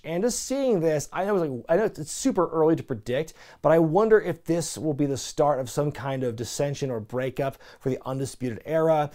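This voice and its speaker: A man's voice: on the high side, dark tone. A man casually recapping weekly wrestling shows, chatty and opinionated, with lots of fillers. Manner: chatty, frequent "like" and "you know" fillers; opinionated, asks viewers for predictions. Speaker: wrestling show reviewer.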